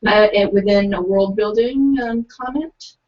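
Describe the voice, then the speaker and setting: A woman's voice: medium pitch, a little slow, darkish tone, far from the mic. A young woman co-hosting a live online writing session, chatting casually, hesitant with many fillers and giggles between lines. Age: young adult. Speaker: co-host of a virtual writing event. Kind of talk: casual chat, reading out excerpts. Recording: muffled, from away from the mic.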